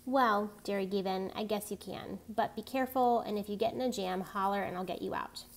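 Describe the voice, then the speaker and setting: A woman reads a novel chapter aloud in a plain, even storytelling voice. She gives the characters' lines small lifts without putting on voices. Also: mid-range voice, fairly quick, vocal fry. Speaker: reader.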